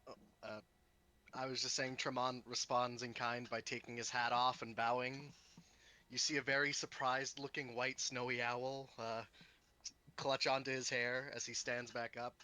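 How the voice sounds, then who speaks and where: Bright-voiced man narrating his character. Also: mid-range voice, flat delivery, normal speed. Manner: descriptive, with hesitant restarts. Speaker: tabletop game player.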